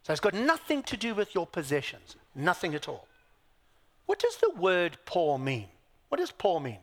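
A man's voice: sits high, huge pitch swings, normal speed, big-room sound. A man preaching a sermon, emphatic, asking his listeners rhetorical questions, with dry self-deprecating asides. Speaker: pastor.

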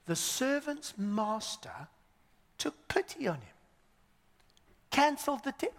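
A male preacher delivering a sermon in an animated style, swinging between loud and hushed. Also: very high voice, slow pace, pauses often, long reverb tail.

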